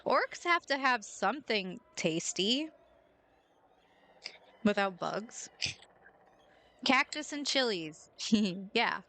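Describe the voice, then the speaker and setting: A woman's voice: medium pitch, sing-song, slow pace, pauses often, bright, forceful tone, rough recording. A young woman streaming a game, chatting playfully with her viewers and giggling at her own jokes. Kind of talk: casual chat while gaming.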